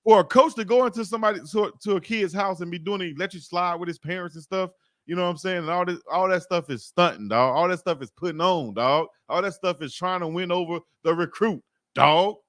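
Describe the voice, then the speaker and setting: A man's voice: sits high, fairly quick, a bit bright, no room sound, clean studio sound. Insistent slangy man debating. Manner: insistent, slangy, repeats "dog". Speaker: host. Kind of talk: heated debate.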